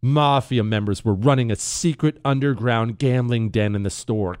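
Heavy sarcasm drives this male host's opinion monologue as he flips between fake delight and deadpan contempt. His smooth, resonant medium-pitched voice moves at a moderate pace with few pauses, recorded close-miked and dry with no room echo.

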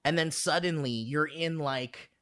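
A man's voice: on the high side, unhurried, fairly bright tone. Rambling man in casual chat. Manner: rambling, many "like" fillers, laughing often.

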